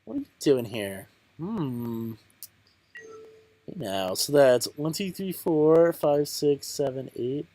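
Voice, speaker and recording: A man with a fairly high, mellow voice speaks slowly but with animation. He's a channel host playing a card game, giving casual, rambling commentary as he mutters to himself, counts aloud and mocks his own bad luck.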